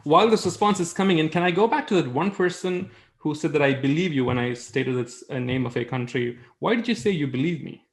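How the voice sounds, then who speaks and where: A man's voice: a little high, lively intonation, fairly quick, few pauses. A man presenting a webinar in a conversational way, with fillers and rhetorical questions.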